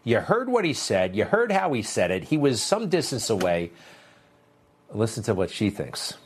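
A man's voice: on the low side, big pitch swings, normal speed, husky. A man hosting political commentary, sarcastic and dismissive in his opinions.

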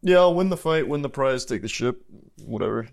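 A man's voice: mid-range voice, lively intonation, brisk, creaky. A man playing a tabletop game, talking in a brash, joking way. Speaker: player. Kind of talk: casual tabletop play.

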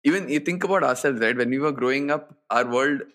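A man's voice: mid-range voice, quick pace, a bit bright. A young man co-hosting a podcast, chatting casually and telling a story with fillers, restarts and easy laughs. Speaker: podcast co-host. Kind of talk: casual chat.

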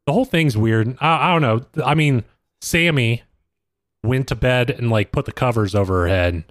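A man's voice: medium pitch, moderate pace, no room sound, studio quality. A man co-hosting a podcast, making wry, sarcastic remarks while recapping a reality show. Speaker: podcast co-host.

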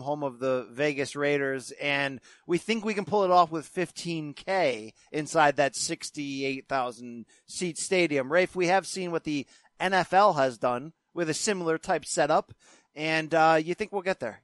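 Man hosting, fairly high voice. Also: no echo. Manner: relaxed, prompting questions. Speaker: podcast host. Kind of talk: casual chat.

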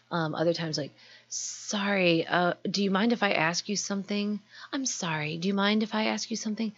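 A woman's voice: deep voice, breathy edge. A woman giving an earnest, explanatory self-help talk, unscripted. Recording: dull lo-fi recording.

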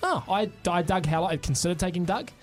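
A New man trades lively jokes on a sports radio show and steers the banter along. His voice sits a little higher than most men's. The talk stays casual and playful. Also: fast talker, soft background music. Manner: animated, joking, runs the draft picks. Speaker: radio co-host.

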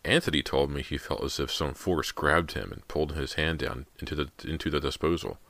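A grave, worried father who picks his words hesitantly, very deep and dry, as the narrator reads him. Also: a little fast, gravelly, a bit bright, no room sound, full character voice.

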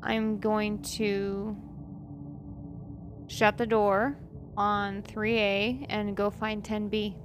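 A woman's voice: mid-range voice, flat delivery, extremely slow, over music. A woman player in a tabletop game, stating her moves bluntly. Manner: decisive, blunt.

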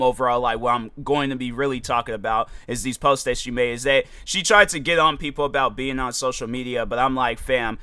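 A man's voice: medium pitch, pushed and bright, clean tone, no room sound. A young man hosting a podcast, rambling through a casual commentary monologue with lots of fillers. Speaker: podcast host.

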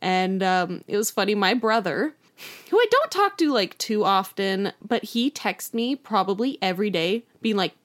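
A young woman co-hosting a casual podcast chat, telling animated stories and acting out the voices of people she quotes. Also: mid-range voice, normal speed. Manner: animated storyteller who acts out quoted voices. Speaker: podcast co-host.

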